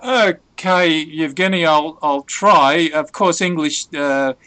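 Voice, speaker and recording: A man tutoring English in a relaxed lesson, explaining word meanings patiently with many fillers and restarts. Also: fairly high pitch, takes it slowly, no room sound. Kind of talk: conversational language lesson.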